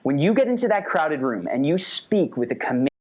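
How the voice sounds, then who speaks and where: A man teaching an online course in a casual, energetic way, sometimes demonstrating how his voice changes. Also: fairly high pitch, a little fast. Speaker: course instructor. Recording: slightly dull lo-fi audio.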